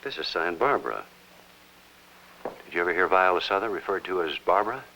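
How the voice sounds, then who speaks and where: An actor playing a middle-aged hospital chaplain in a 1950s television drama, asking calm, earnest questions. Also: male voice, low voice, fairly quick, slight background noise, exaggerated voice, poor audio.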